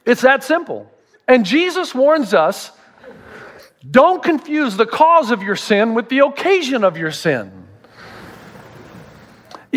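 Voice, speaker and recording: A middle-aged pastor preaches a sermon full of humorous stories, acting out the voices of the people he quotes. His voice is very high and a bit bright, with a long reverb tail.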